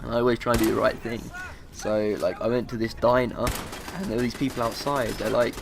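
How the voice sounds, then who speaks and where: A young man, telling a gaming story in an excitable, animated way. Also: medium pitch, brisk, gravelly, noisy background. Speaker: gaming youtuber. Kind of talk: casual gaming vlog.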